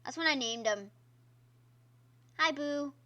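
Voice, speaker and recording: A woman's voice: sits high, slow pace, sharp tone. A woman streamer giving casual gameplay commentary, chatty and exclaiming at the game while talking to her viewers. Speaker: gaming streamer. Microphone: own microphone.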